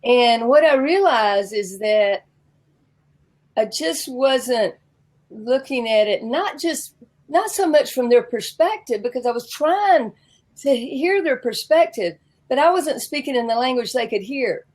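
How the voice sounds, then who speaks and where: A woman's voice: a little high, unhurried, low-quality recording. Chatty laughing Southern woman. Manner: chatty and animated, laughs often. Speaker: interview guest, founder of a personality tool. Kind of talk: casual interview talk.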